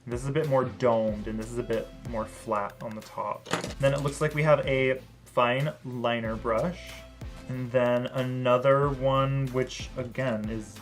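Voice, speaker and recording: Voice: medium pitch, measured pace, faint music behind. Sassy, chatty beauty vlogger. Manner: chatty, many "like" and "um" fillers; bursts into loud excited exclamations. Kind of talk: casual product review.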